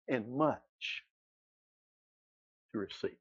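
A man's voice: mid-range voice, lively intonation, unhurried, long pauses, dry recording. A man from South Georgia with a Southern accent, preaching a sermon as pastor and building to emphatic repetition. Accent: Southern American (Georgia). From South Georgia, USA. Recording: dull lo-fi sound.

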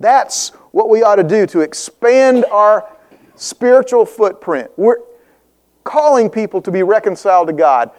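A man preaching a sermon as pastor, quoting scripture with rising emphasis and rhetorical questions, and dropping to a soft, slow tone when he turns personal. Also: high-pitched. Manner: drops to soft, slow reflection in personal parts.

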